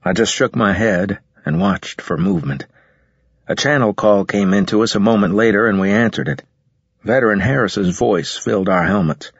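A man narrating a story in the first person with a steady, measured reading. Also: fairly low pitch, slightly rough, no room sound, dull audio. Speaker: audiobook narrator.

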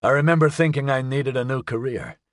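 A man's voice: medium pitch, brisk, no room sound, lightly acted. A man voicing a dazed, wounded man who makes dry, wry jokes in an audiobook.

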